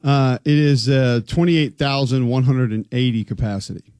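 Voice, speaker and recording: A man co-hosting a casual sports talk show, reading facts aloud in a deadpan way. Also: mid-range voice, normal speed, no room sound, studio quality.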